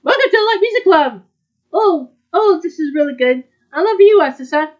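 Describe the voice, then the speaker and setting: A woman voicing a bubbly, cheerful teenage girl guitarist in a fan dub of an anime, excited and bouncy. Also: high voice, normal speed, highs cut off.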